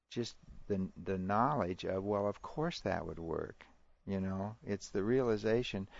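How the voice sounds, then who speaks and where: A middle-aged man, a parenting educator, answering interview questions in a halting way, with restarts and chuckles. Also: sits low, vocal fry, a little mellow, no echo. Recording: dry, muffled lo-fi recording.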